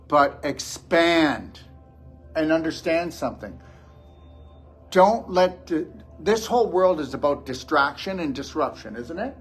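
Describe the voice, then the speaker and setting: A man's voice: fairly high pitch, animated, unhurried, husky, soft background music. Blunt, scolding man lecturing a crowd. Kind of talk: motivational lecture to a live audience.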